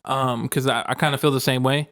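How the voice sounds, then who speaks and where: A man's voice: medium pitch, fairly even intonation, brisk, a bit bright, no room sound, clean studio sound. A man co-hosting a podcast in casual chat, laid-back and slangy, laughing often. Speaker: podcast co-host.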